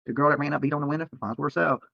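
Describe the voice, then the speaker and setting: A man's voice: a little high, steady tone, rapid-fire, vocal fry, no echo, highs cut off. A man streaming live from a roadside near a protest, talking to viewers in a profane, rambling and defensive way, often tacking on "okay?". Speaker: livestreamer. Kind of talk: livestream rant to viewers.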